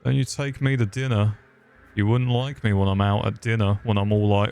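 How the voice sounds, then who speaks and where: A man's voice: lowish voice, little pitch movement, a little fast, vocal fry, darkish tone, smooth. A man giving crude, rambling comedic commentary while playing a video game. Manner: crude joking banter, rambling. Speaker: gaming commentator. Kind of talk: comedic let's-play commentary.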